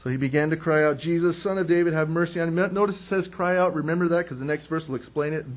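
A man's voice: a little high, brisk. A man preaching a sermon in a conversational way, asking questions and answering them himself, and acting out quotes. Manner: animated, acts out quotes. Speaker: pastor.

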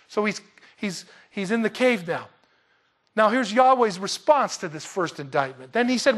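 A man preaching a sermon, swinging from loud emphatic Bible reading to soft hushed asides, with humorous remarks to the congregation. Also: high voice, big pitch swings, moderate pace. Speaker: pastor.

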